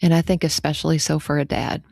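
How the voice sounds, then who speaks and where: A woman's voice: low-pitched, level tone, fast, gravelly, a little mellow, dry recording, clean studio sound. A woman hosting a podcast interview, responding eagerly and affirming her guest. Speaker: podcast host. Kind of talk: conversational interview.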